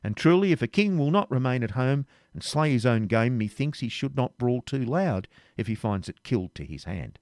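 A man's voice: mid-range voice, animated, normal speed, darkish tone, no echo, studio quality, lightly acted. A man reading aloud, voicing a bold, jesting medieval king with a hearty, commanding manner. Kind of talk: audiobook reading.

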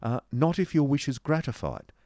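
A man voicing a good-humoured, naive young gentleman in an audiobook reading. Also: mid-range voice, big pitch swings, moderate pace, no room sound, studio quality, voice pushed up, natural voice. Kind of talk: audiobook character voice.

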